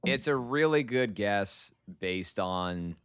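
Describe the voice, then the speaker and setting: Male guest, low and smooth, close and dry, talks in thought-out arguments. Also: lively intonation, takes it slowly, fairly bright tone, dry recording. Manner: analytical, opinionated, builds arguments. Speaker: podcast guest. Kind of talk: casual podcast chat.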